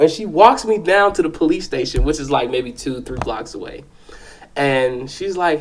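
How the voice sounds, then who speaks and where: Man, somewhat high voice, loose profane storyteller, keeps checking the listener is with him. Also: animated, normal speed. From South Side of Chicago. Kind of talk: casual spoken storytelling.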